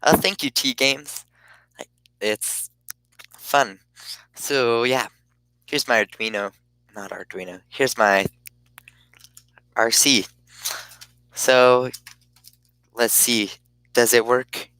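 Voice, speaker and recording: A man casually chatting on his live stream, rambling in a halting way and often cutting himself off mid-thought. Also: medium pitch, pushed and bright, smooth, no room sound, low-quality recording. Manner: rambling, halting, self-interrupting.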